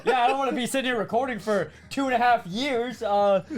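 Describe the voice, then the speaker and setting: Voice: mid-range voice, a little fast. A player swearing and laughing through casual banter during a game session. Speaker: player in a game let's play. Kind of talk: casual banter while playing.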